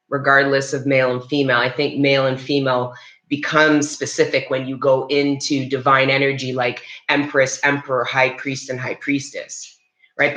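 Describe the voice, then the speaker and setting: A woman's voice: very deep voice, a bit bright. A woman giving a live-streamed tarot reading, rambling and chatty with many restarts, and talking straight to her viewers. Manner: talks to live chat viewers. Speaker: tarot reader. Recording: roomy echo.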